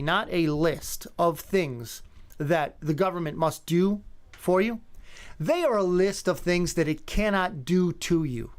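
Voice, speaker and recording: A man in his fifties hosting a talk radio show, talking in an emphatic, conversational way. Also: a little high. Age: 50s. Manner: conversational, emphatic, greets callers by name. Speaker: radio host.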